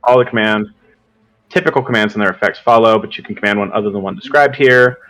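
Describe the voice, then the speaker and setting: A man's voice: fairly low pitch, quick pace, a bit bright. A man running a tabletop game as game master, thinking aloud while he checks the rules.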